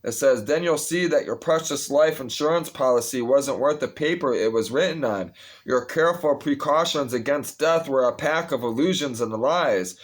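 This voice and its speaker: A man with a medium-pitched voice reads scripture aloud at a normal speed in a casual way. He's restless, interrupting himself with blunt, profane asides and then starting his phrases over.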